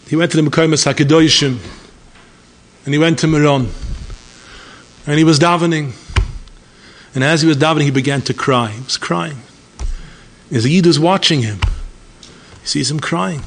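A man preaching in a storytelling sermon, acting out the dialogue and rising to high, emphatic exclamations. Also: a bit bright. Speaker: rabbi.

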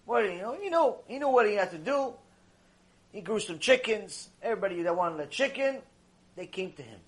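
A man teaching a religious lecture, telling a story in an animated way and repeating phrases for emphasis. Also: high-pitched, brisk.

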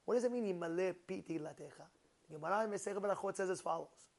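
A man, a rabbi, giving an animated Torah class, asking his listeners questions and using many fillers. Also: high-pitched, racing.

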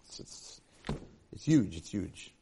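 A man's voice: slow, dark tone, slight background noise. A man teaching a religious lecture, telling a moral story and repeating key points for emphasis. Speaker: Torah teacher.

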